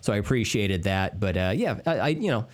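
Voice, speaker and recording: A man co-hosting a casual podcast, talking in a relaxed, rambling way with plenty of fillers and playful asides. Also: on the low side, fairly quick. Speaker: podcast co-host. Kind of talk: casual chat about horror movies.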